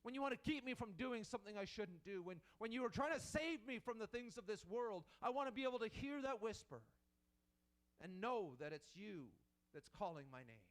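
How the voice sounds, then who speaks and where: A man's voice: very high-pitched, lively intonation, brisk, fairly bright tone. A man preaching a sermon in an earnest manner, repeating and restarting as he builds his points.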